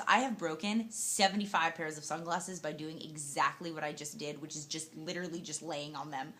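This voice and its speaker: A young woman vlogging casually from a hotel room, telling a story in a tired, emotional but animated way, full of fillers like "like" and "you know". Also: fairly low pitch, a little fast, few pauses. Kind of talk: casual vlog to camera.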